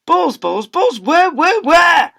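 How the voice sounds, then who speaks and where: A man voicing a booming, grumpy male schoolteacher in a storybook reading aloud. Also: very animated, measured pace, exaggerated voice. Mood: thundering angry. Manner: booming, shouting. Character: bellowing grumpy male schoolteacher, ball-obsessed.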